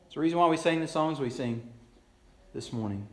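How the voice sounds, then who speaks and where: A male pastor preaching a sermon emphatically, swinging between raised lines and hushed ones. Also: fairly high pitch, a little fast, reverberant.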